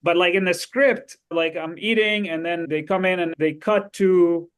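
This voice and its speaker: A man, a guest actor, telling anecdotes in a casual, lively way on an interview podcast. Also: high-pitched, normal speed, clear, resonant tone. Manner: lively, animated storytelling with frequent laughs.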